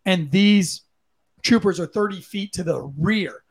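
A man's voice: high-pitched, measured pace, husky. A man and former police officer giving blunt, profane, impassioned commentary on a podcast. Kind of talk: heated opinion commentary.

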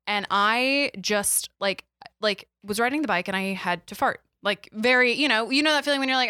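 Young woman, podcast guest, bright tone, animated storytelling, dry close mic. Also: on the high side, normal speed, dry recording. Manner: animated storyteller, many "like" fillers, laughs often. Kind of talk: casual chat, comic storytelling.

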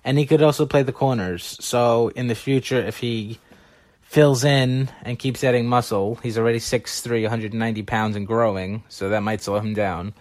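A man's voice: mid-range voice, fairly even intonation, moderate pace, darkish tone, dry recording. A man talking through baseball prospects in a casual, analytical way, now and then correcting himself. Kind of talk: solo scouting commentary.

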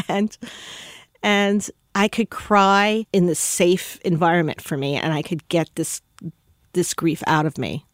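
A widow telling a heartfelt personal story about grief, pausing often. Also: female voice, lowish voice, fairly even intonation, no echo, clean studio sound.

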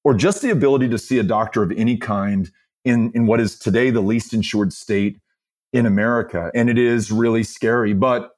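A middle-aged man speaks as a podcast guest, earnest and quick to laugh. He tells stories at length. His voice sits a little low for a man. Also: fairly even intonation. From Texas. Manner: earnest storyteller, laughs easily. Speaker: guest, political candidate. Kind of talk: podcast conversation.

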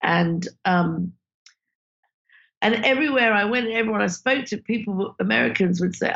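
A woman, a filmmaker guest telling animated stories in an interview and acting out the people she quotes. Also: mid-range voice, normal speed, vocal fry, highs cut off. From Britain. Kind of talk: conversational interview storytelling.

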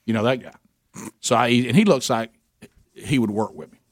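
Older man telling a lively story, dry sound. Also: medium pitch, normal speed, no echo. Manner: animated anecdote-telling, acting out quoted people. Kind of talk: casual storytelling chat.

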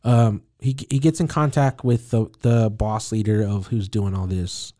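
A man's voice: fairly low pitch, steady tone, measured pace, warm tone, no echo, clean studio sound. A man co-hosting a podcast, casually recapping a comic book plot and acting out the characters' lines as he goes. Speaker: podcast co-host.

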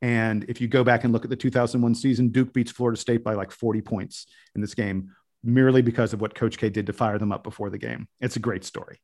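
A man's voice: mid-range voice, steady tone, fast, darkish tone. A man guesting on a podcast, telling stories in an eager, rambling way with frequent restarts. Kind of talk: casual podcast conversation.

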